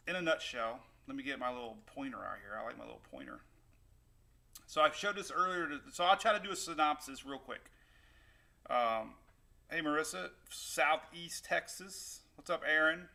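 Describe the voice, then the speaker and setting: A man's voice: fairly high pitch, gravelly, bright, forceful tone. A man hosting a casual weather livestream, rambling and upbeat as he chats with viewers. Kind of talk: casual live-stream chat. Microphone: new desktop microphone.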